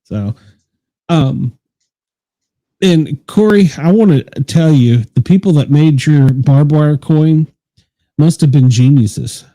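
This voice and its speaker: Mellow, dark-voiced man hosting a chat. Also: a little high, takes it slowly, pauses often, dry recording, low-quality recording. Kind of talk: casual chat.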